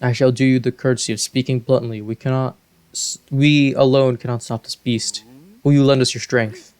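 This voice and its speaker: A man voicing an aged, huge male fish-folk king in a video game, speaking formally and slowly. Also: mid-range voice, flat delivery, darkish tone, smooth, close to an everyday voice. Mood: regal. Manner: formal, stately, slow and courtly.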